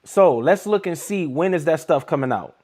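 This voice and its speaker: A man's voice: a little high, lively intonation, moderate pace, darkish tone. Hyped man livestreaming to his chat. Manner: hyped, talks straight to his chat viewers. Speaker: livestream trading host.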